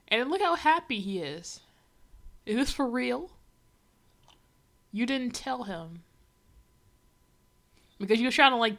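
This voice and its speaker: Young female streamer, slightly high voice, wry exasperated reaction commentary. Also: a bit bright. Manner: sarcastic, exasperated asides.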